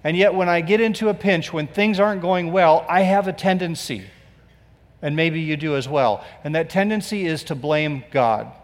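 A man's voice: fairly high pitch, lively intonation, unhurried, in a large hall. A male pastor preaching a sermon, telling the story with sarcastic asides and acted-out quotes.

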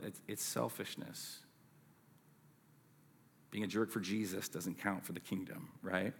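A man preaches a sermon in a loose, conversational style, often tossing in quick asides and checking in with his listeners. His voice sits on the low side, with a husky edge and a gravelly crackle. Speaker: pastor.

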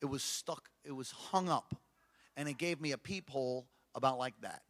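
A middle-aged man from Hawaii, preaching a sermon as a pastor, telling a story with passion and swinging from hushed tones to shouts. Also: medium pitch, moderate pace.

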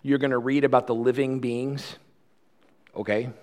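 A man preaching a sermon in a conversational style, swinging from loud, fast passages to quiet, slow ones. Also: medium pitch, little pitch movement. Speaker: pastor.

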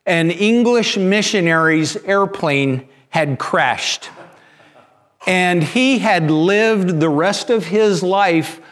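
Male pastor, sermon delivery, high voice, unhurried, repeats and restarts words.

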